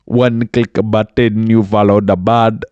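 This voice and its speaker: Man doing a vague goofy mock accent, sing-song, pitched up. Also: monotone, unhurried, warm tone, no echo, highs cut off. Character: vague mixed-accent man plugging the podcast.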